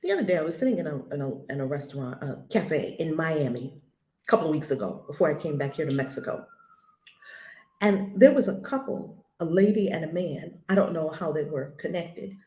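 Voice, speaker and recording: Older female spiritual teacher, forthright and emphatic, slightly low voice, roomy recording. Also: expressive, brisk, warm tone. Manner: blunt, emphatic, repeats key phrases. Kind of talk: spoken spiritual lesson.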